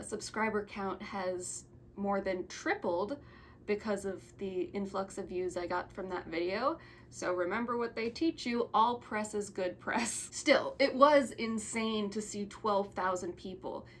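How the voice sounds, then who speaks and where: A woman's voice: medium pitch, a little hiss or hum. A twenty-year-old woman hosting a casual thank-you video, rambling with frequent restarts and stumbles, sentimental in tone. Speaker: YouTuber.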